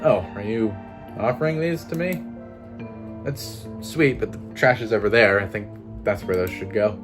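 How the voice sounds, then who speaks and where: A man's voice: lowish voice, normal speed, music in the background, natural voice. A man voicing a flustered young goth woman who stammers nervously. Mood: dismissive.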